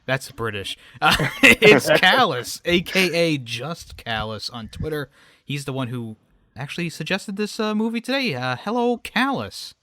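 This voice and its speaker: A man's voice: fairly high pitch, sing-song, moderate pace, a bit bright, dry recording. A man hosting a casual movie podcast, chatting loosely and correcting himself as he goes. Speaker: podcast host.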